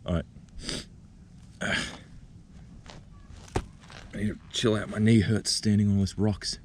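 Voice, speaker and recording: A man vlogging outdoors in the bush, talking gently and excitedly as he coaxes a spider out of its burrow. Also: lowish voice, moderate pace, long pauses, breathy edge. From Australia. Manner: excited, gentle, coaxing, thinking aloud. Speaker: nature vlogger. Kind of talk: outdoor wildlife vlog, talking to camera. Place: outdoors in a bushland reserve.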